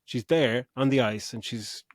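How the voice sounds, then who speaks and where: A man's voice: mid-range voice, measured pace, no room sound, studio quality. A man co-hosting a film review podcast, ranting in exasperation and swearing with laughs. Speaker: podcast co-host. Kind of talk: casual film review chat.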